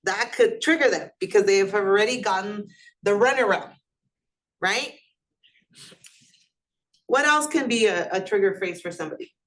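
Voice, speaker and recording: A woman's voice: medium pitch, moderate pace, long pauses. A woman instructor giving a classroom lecture in a conversational way, often putting questions to her students.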